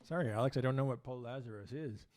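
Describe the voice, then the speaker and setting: A man co-hosting a choir live stream in casual chat, relaxed, with brief replies and plain explanations. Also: medium pitch, quick pace. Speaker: choir co-host.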